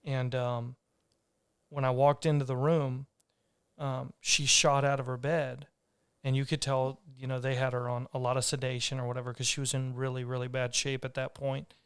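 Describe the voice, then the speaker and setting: A man's voice: medium pitch, level tone, normal speed, clean tone, dry recording, studio quality. A man, hosting a podcast and telling a personal story in an earnest, rambling way with restarts. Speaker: podcast host. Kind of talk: casual conversational storytelling.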